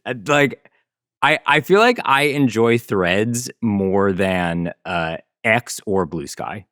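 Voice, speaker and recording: A man's voice: on the low side, animated, slow, fairly bright tone, no echo, clean studio sound. A man joining a podcast chat, laid-back and jokey, with lots of "like" and "um". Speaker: podcast guest panelist. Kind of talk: casual chat.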